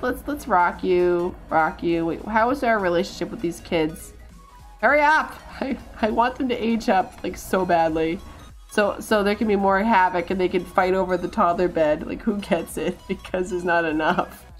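A woman streaming a life-simulation game, chatting and bossing her characters around with lots of laughs and stumbling repeats. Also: medium pitch. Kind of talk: live gameplay commentary.

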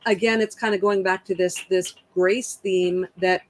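A woman's voice: on the low side, fairly even intonation, moderate pace, low-quality recording. A woman co-hosting a podcast, speaking in a thoughtful, articulate way. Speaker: podcast co-host. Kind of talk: reflective discussion.

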